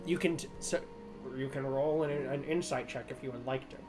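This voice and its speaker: A man's voice: medium pitch, steady tone, normal speed, over music. A man narrating as game master of a tabletop game, rambling with lots of fillers. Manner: rambling, filler-heavy, laughs often.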